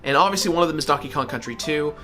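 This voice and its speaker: A man telling a personal story in a casual, animated way, with a few fillers. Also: on the high side, racing, faint music behind. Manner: animated, acts out family voices in his anecdotes. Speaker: guest gamer.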